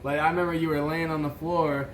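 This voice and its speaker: A man's voice: fairly high pitch, level tone, quick pace, a little hiss or hum, rough recording. A man co-hosting a podcast, telling a story in a rambling way, laughing often and acting out what others said. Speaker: podcast co-host. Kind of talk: casual chat.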